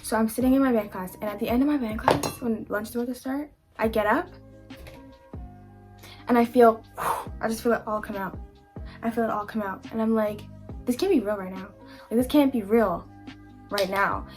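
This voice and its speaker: A woman's voice: on the high side, moderate pace, pauses often, darkish tone, soft background music. A young woman vlogger telling a candid, chatty storytime, with lots of "like" and quoted asides. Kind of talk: casual storytime.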